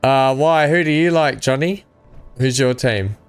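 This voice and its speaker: Chatty Australian man with smooth voice. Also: medium pitch, unhurried, faint music behind. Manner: chatty, rambling, enthusiastic. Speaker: gaming channel host. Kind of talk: casual gameplay chat.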